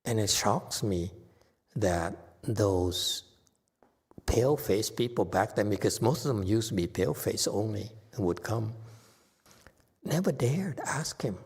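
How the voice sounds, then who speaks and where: Unhurried male teacher with a teasing, self-mocking delivery, echoing in a reverberant hall. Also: on the low side, animated, vocal fry, a little mellow, breathy edge. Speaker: Buddhist meditation master. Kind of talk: joking Dharma talk.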